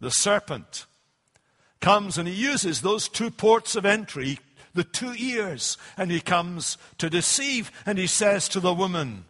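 A man preaching a sermon with a notably high voice. He speaks deliberately and emphatically, drawing out key words, and his voice rings with a long hall reverb. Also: expressive, fairly bright tone.

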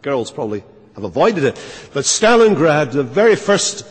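A man's voice: fairly high pitch, very animated, moderate pace, husky. A man preaching a sermon as a pastor, earnest and emphatic, repeating key phrases for weight. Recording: long reverb of a church hall.

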